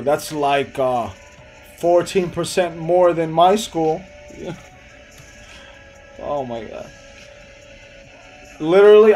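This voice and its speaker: A man's voice: fairly high pitch, darkish tone, poor audio. Laid-back young man. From Hempstead, New York. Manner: loose, rambling, laughs often, answers chat. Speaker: live streamer. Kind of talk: casual live-stream chat.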